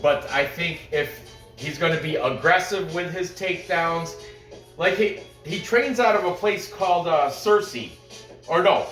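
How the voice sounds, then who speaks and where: A man with a somewhat high voice talks casually, wandering off topic and laughing at his own jokes. He sits a little away from the mic in a roomy, echoing space, with faint music underneath. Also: a little slow, a bit bright, recorded from a distance. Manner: rambling, joking, laughs often. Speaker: podcast host comparing fight picks. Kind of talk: casual chat.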